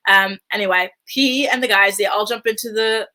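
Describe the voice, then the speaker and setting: Sassy, bright-voiced woman recapping TV. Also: mid-range voice, steady tone, normal speed. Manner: sassy, chatty, heavy use of "like". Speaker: reality TV recap host. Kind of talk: casual commentary.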